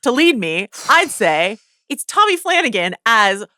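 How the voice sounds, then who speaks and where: A woman's voice: on the high side, sing-song, unhurried, bright, forceful tone, dry recording, studio quality. A woman co-hosting a podcast, chatting casually, swearing freely and reading passages aloud. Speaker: podcast co-host. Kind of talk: casual chat.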